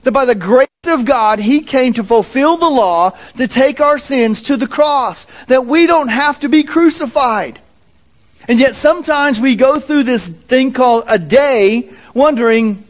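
A man preaching a sermon as a pastor, in an animated, folksy manner. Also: very high-pitched, measured pace. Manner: animated, folksy, acts out quotes.

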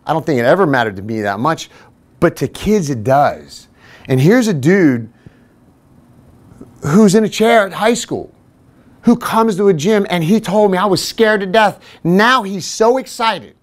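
A fitness trainer who hosts a podcast tells a casual story at his own expense, speaking in a slightly high, unhurried male voice. He's animated and does the voices of the other people he quotes.

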